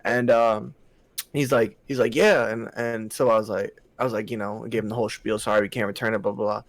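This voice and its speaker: Young male podcast co-host, lively and casual, does customer voices, dry close sound. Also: fairly low pitch, fast, no echo. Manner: animated storytelling, acts out customers, laughs a lot. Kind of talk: casual chat.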